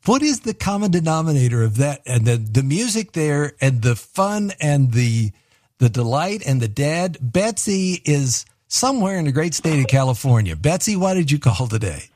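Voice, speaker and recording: A man's voice: on the high side, very animated, normal speed, darkish tone, no room sound, clean studio sound. Man hosting a radio call-in show. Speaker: radio host. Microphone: studio microphone.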